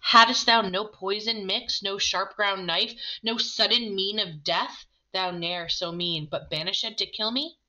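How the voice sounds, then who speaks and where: A woman's voice: medium pitch, a little slow, hardly any pauses, bright, forceful tone, muffled recording. A woman reading the lines of a desperate young man in love who has been banished, declaiming with anguish.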